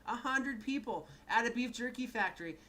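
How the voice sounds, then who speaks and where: A man's voice: very high voice, normal speed, pushed and bright. Rambling, profane male podcast co-host. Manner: rambling, profane, laughs often. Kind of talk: casual chat.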